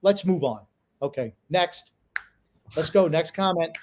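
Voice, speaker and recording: A man with a slightly higher-than-usual voice talks sports on a casual podcast. He is blunt and opinionated, swears freely and argues his points hard. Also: a little slow, darkish tone, slight background noise. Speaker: podcast co-host.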